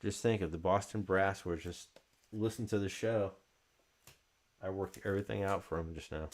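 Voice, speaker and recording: A man's voice: deep voice, normal speed. A man hosting a card break, chatting casually and calling out card names as he opens packs.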